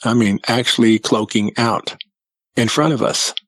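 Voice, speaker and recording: A man's voice: medium pitch, measured pace, dry recording. A middle-aged man, a guest, telling a story in a plain-spoken, folksy way and quoting lots of dialogue. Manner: lively retelling with lots of quoted dialogue. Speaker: guest recounting a sighting. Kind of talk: casual storytelling.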